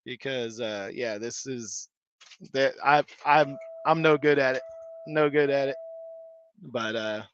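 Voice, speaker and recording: A man's voice: medium pitch, slow, muffled recording, slight background noise. A man hosting a live stream, chatting casually and rambling with many restarts and fillers. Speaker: live stream host reading chat. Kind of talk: casual chat.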